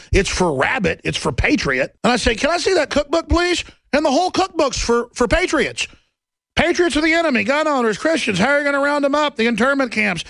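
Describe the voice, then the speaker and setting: A man giving a sarcastic, comedic ranting monologue with animated storytelling. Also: extremely high pitch, vocal fry, no room sound.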